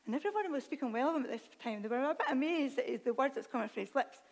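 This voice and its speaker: A woman preacher with a high voice delivers a lively sermon, moving between scripture reading and chatty asides where she laughs at herself. Her voice rings out with a long reverberant tail from the hall. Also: fast talker.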